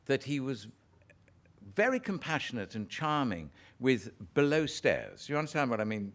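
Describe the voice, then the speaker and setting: An older man tells stories in an interview, self-deprecating and animated. His pitch rises and falls a great deal as he talks, and his voice sits at a middle height. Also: moderate pace. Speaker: actor, interview guest. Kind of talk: anecdotal interview talk.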